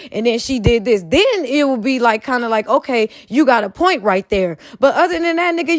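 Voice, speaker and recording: Woman, high voice, heated profane rant, scolding, dry close sound. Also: no echo. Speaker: commentary vlogger. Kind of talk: opinion rant.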